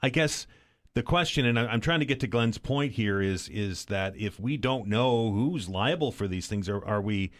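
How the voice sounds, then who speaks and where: A man hosting a call-in radio show, reading out the phone number and steering the questions briskly. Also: lowish voice, animated. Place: radio studio.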